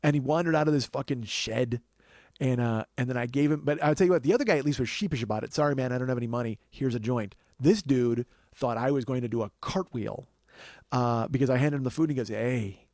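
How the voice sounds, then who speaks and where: A man with a mid-range, slightly mellow voice hosts a podcast, rambling through quick, profane comic anecdotes and acting out the quotes. The recording has no room sound.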